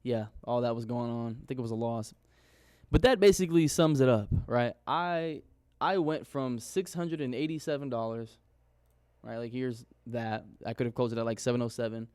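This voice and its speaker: A man's voice: medium pitch, normal speed, darkish tone, clean tone, no echo. A young man in a casual screen-share vlog, recapping his trades in a candid, rambling way and swearing casually. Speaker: forex trader vlogger.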